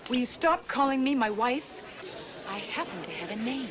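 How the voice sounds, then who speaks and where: An actress voices an indignant wife with a fairly high, lively voice. A crowd chatters behind her. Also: normal speed, natural voice. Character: indignant married woman at a party. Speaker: party guest, wife. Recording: crowd noise.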